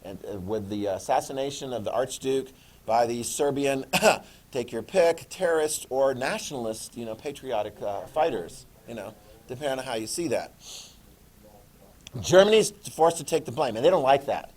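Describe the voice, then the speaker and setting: A middle-aged man giving a classroom history lecture in a jokey, animated way, acting out quick voices. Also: medium pitch. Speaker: history teacher.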